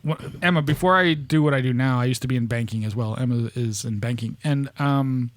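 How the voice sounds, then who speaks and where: A man's voice: mid-range voice, fairly quick, no echo. Sex: man. Origin: from upstate New York. Role: podcast host. Style: casual chat, rambling and profane, laughing often. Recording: dry, close mic.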